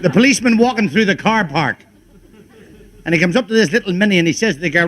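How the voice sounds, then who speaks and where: Comedian guy telling a long joke, voice swings all over, bit high. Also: expressive, fast, a bit bright, a little hiss or hum. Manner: storytelling with quoted dialogue. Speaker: stand-up comedian.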